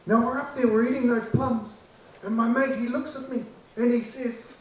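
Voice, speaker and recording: A New Zealand man tells a childhood story with lively repetition and a notably high voice. He sounds far from the mic in a very echoey room. A faint hiss sits underneath. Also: moderate pace. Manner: animated, repeating lines for effect.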